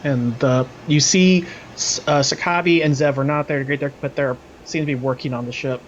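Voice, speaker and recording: Relaxed game master, faint background hiss. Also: male voice, medium pitch, moderate pace, highs cut off. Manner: relaxed, hesitant narration with many fillers. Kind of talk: narrating a tabletop game.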